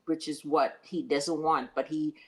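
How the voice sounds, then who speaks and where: A woman's voice: deep voice, fairly even intonation, a little slow, crowd noise. A woman co-hosting a podcast, mostly chiming in with short reactions and comments while her co-host recaps an episode. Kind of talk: casual recap chat.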